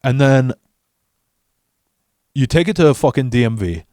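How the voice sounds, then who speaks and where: A man's voice: mid-range voice, animated, moderate pace, dark tone, no echo, clean studio sound, lightly acted. A man voicing his blunt best friend, who scolds him with plenty of swearing. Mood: mocking.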